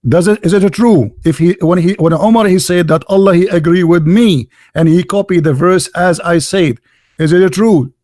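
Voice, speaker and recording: Combative high-voiced man hosting a debate. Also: normal speed, darkish tone, no echo, clean studio sound. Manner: combative, interrupting, repeats phrases and insults. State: losing his voice. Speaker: host of a live call-in debate stream. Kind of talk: heated live debate with a caller.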